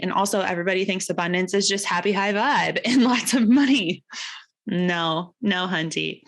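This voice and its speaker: A woman in her thirties delivers a candid motivational monologue on her podcast. Her voice sits on the lower side for a woman. She speaks with emotional openness and casual, slangy asides. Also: fairly bright tone. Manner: emotional, confessional, sprinkled with slang and laughter. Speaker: podcast host.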